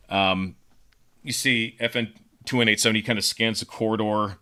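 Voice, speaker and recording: A man co-hosting a podcast, pitching a story casually with lots of fillers and repeated words. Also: fairly even intonation, normal speed, pushed and bright, smooth. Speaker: podcast co-host.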